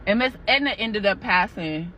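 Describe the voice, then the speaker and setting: A woman's voice: mid-range voice, lively intonation, normal speed, sharp tone, slight background noise. A young woman animatedly telling a scary true story about her job, cursing and talking straight to the listeners. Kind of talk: casual spoken storytelling. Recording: muffled audio with music underneath.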